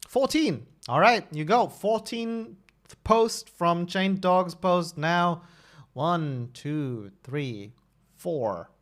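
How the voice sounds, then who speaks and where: A man's voice: high voice, lively intonation, extremely slow. A man in his thirties chatting casually on a live stream, talkative and often restarting and correcting himself. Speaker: streamer and level designer.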